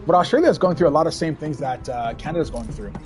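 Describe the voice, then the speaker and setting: A man's voice: a little high, expressive, fast talker, over music. A man giving rambling, casual commentary while playing a video game and chatting with viewers. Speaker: let's play streamer.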